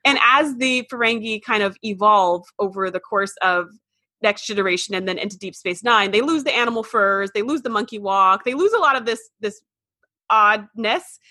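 A woman in her forties co-hosting a casual podcast chat, animated and quick to laugh, often restarting her sentences. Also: mid-range voice, no room sound. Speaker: podcast co-host.

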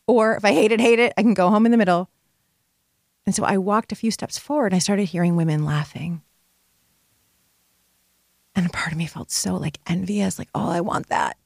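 Forties woman coach telling her story, mid pitch, swoops way up when acting out her nerves, dry close mic. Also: dry recording. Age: 40s. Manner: animated, big pitch leaps when voicing her own worries. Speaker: retreat leader and women's coach. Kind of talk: personal storytelling monologue.

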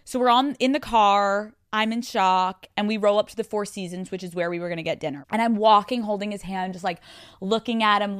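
Excitable swearing young woman podcast host. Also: medium pitch, clear, resonant tone. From Pennsylvania. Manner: excitable, swears freely, lots of "like". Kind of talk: casual storytelling monologue.

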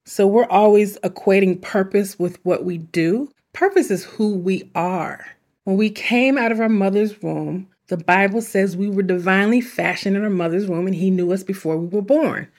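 A woman's voice: medium pitch, normal speed, darkish tone. A woman hosting a self-help podcast, speaking in an earnest, chatty way with asides. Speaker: podcast host. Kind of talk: reflective self-help talk.

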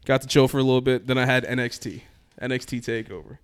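A man telling a long trip story in casual podcast chat, animated, acting out quoted exchanges. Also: mid-range voice, fast, clear, resonant tone.

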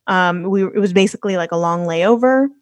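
A woman's voice: on the low side, fairly quick, dry recording. A woman talking as a podcast guest in a loose, chatty way, full of fillers. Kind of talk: casual interview chat.

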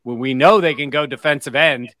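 A man's voice: medium pitch, a little fast, a bit bright, no echo. A man hosting a football talk segment, leading the chat and putting questions to his co-hosts. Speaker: sports show host. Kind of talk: sports talk discussion.

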